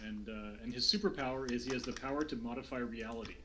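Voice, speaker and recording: A man's voice: mid-range voice, fast. A man hosting a streamed tabletop game, chatting loosely with many fillers and restarts before the recap. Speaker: game master. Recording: noisy online call with keyboard clicks.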